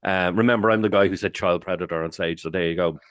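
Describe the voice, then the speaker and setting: Irish man, low voice, animated storyteller. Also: quick pace, clear, resonant tone, dry recording, clean studio sound. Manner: animated, swears freely, jumps into loud quoted exclamations. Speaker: podcast co-host. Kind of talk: casual storytelling chat.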